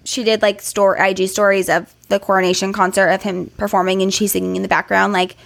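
A woman's voice: medium pitch, little pitch movement, quick pace, vocal fry. A woman co-hosting a podcast in casual chat, gushing and bubbly with lots of "like". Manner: bubbly, gushing, heavy use of "like". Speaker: podcast co-host.

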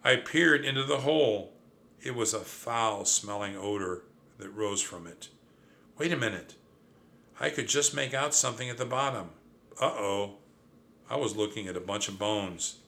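A man narrating a children's adventure story in an expressive, lively reading. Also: on the low side, moderate pace, vocal fry, slight background noise. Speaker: audiobook narrator.

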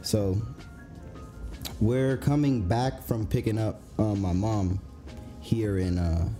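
A man telling a story in relaxed, rambling casual chat. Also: fairly low pitch, slow, faint music behind. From Massachusetts.

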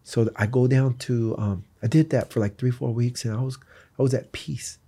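Guest man, earnest testimony; raspy fry and a dark, mellow tone. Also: mid-range voice, steady tone, moderate pace. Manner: earnest, candid storytelling. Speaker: guest sharing his testimony. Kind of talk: personal faith testimony in conversation.

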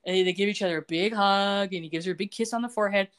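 Female podcast co-host, middle pitch, lively scene-retelling. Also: very fast, smooth. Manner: animated storytelling, acts out quotes. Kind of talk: casual podcast chat.

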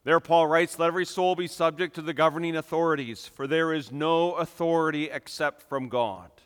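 A man preaching a sermon with emphatic delivery, building to loud, impassioned peaks. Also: a little high, fairly even intonation, fairly quick, smooth. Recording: long reverb of a hall.

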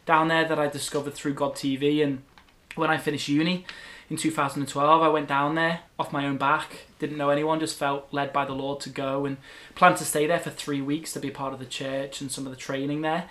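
A gentle-voiced man in his thirties speaks with a soft Scouse accent and a somewhat high pitch. He co-hosts a podcast in easygoing, joking chat. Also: flat delivery, a little fast. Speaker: podcast co-host. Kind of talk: casual chat.

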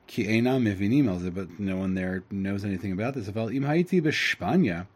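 A man teaching, reading a story aloud and translating it line by line, halting often with fillers and restarts. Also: lowish voice, animated, slightly rough. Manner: halting, with fillers and self-corrections.

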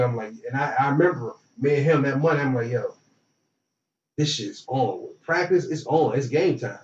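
A young man telling a college football story in relaxed, slangy talk, acting out what others said. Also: medium pitch, a little fast, slight background noise. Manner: relaxed, slangy, animated retelling with quoted dialogue. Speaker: former football player, guest. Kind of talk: casual storytelling. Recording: roomy, distant, dull lo-fi sound.

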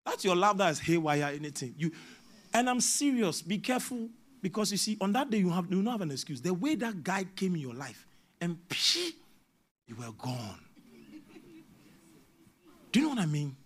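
A man with a Ghanaian English accent preaching a sermon as a prophet, moving between hushed asides and shouted exhortation. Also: high-pitched, big pitch swings, fairly quick.

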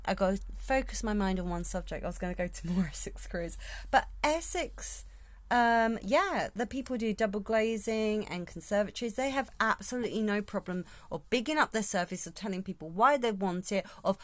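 A woman's voice: medium pitch, lively intonation, normal speed, no echo. Chatty woman podcaster. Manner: chatty, rambling, thinking aloud. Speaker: podcast host. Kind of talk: casual solo podcast monologue.

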